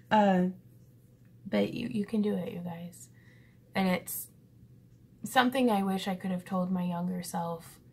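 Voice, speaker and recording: Gravelly, husky woman in her thirties, rambling. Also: fairly low pitch, steady tone, moderate pace. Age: 30s. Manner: rambling and earnest, with frequent laughs and fillers. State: pensive. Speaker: vlogger. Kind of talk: casual reflective vlog talk.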